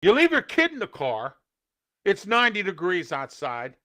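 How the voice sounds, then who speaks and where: Male show host from the Pittsburgh area, scolding opinion rants, high-pitched with a sharp edge. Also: huge pitch swings, normal speed. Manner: ranting, indignant, scolding.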